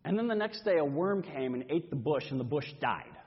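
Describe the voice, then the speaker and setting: A male pastor delivering a first-person dramatic sermon, telling the story in an expressive, animated way. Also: a little high, fairly quick, slightly rough. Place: church sanctuary. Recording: dull reverberant church recording.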